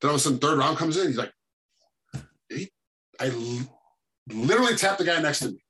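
A man's voice: on the high side, a little fast. A man, a guest who referees MMA and once fought, talking in a casual interview and acting out fight scenes as he tells them. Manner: animated storytelling that acts out fight scenes.

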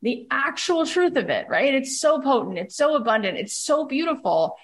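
A woman's voice: high voice, sing-song, moderate pace. A woman podcast host giving a passionate, emphatic motivational talk to her listeners.

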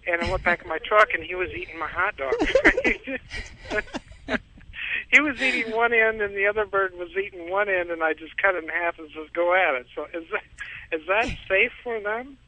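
A man's voice: high-pitched, big pitch swings, normal speed, pushed and bright. A man calling in to a radio show, telling a long rambling story with frequent chuckles, heard over a tinny phone line. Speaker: caller.

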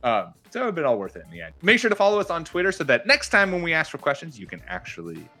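Male host, Minnesotan accent, lively bright tone, loose jokey delivery. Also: a little high, racing, soft background music. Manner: animated, jokey, rambling with restarts. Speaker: podcast host. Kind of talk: casual sports podcast chat.

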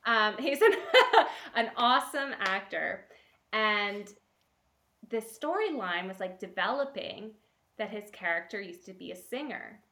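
A woman's voice: medium pitch, measured pace. A woman who works as a casting director and producer, telling stories in a casual interview and laughing often. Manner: animated, laughing storyteller. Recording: roomy echo.

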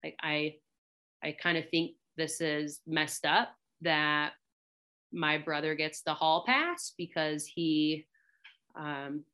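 A woman who works as a hunting guide tells her life story in a casual, rambling way. Her voice sits a little low yet sounds bright and forceful. She leans on fillers and jumps up in pitch when she acts out what others said. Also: slow pace, smooth. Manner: chatty, many "like" fillers, acts out quotes with a raised voice. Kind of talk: personal storytelling.

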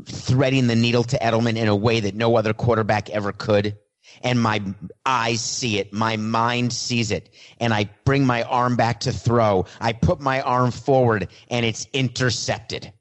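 A blunt star quarterback in his forties holds a mock press conference and says exactly what he feels, as a man puts him on in his own plain voice. The delivery is conversational, with a middle-pitched male voice. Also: fairly even intonation, moderate pace, lightly acted. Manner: plain own voice, no attempt at an impression.

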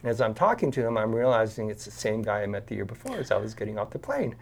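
Gravelly man telling a lively story. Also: lowish voice, fast talker. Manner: animated storyteller acting out quotes. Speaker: podcast guest. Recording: video call.

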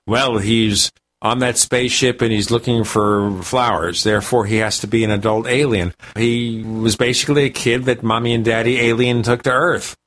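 A man's voice: mid-range voice, steady tone, normal speed, fairly bright tone. A man hosting a tech radio talk show, chatty and joking with his guest. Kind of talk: casual radio chat.

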